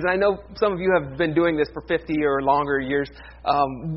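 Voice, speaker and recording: A man's voice: high voice, husky, dull audio. A man in his thirties, a pastor giving a casual, self-deprecating sermon that opens with a folksy joke.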